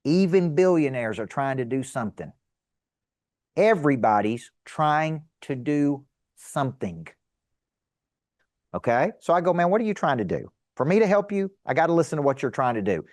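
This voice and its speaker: A middle-aged man teaching a seminar to a live audience as a sales coach, energetic and emphatic, asking rhetorical questions. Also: a little high, normal speed, no room sound, clean studio sound.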